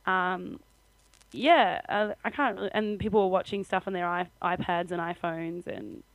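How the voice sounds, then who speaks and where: A woman's voice: fairly low pitch, normal speed, creaky, dry recording, rough recording. A young Australian woman co-hosting a podcast, telling a story in casual chat with frequent laughter. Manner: chatty storytelling, laughs often. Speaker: podcast co-host.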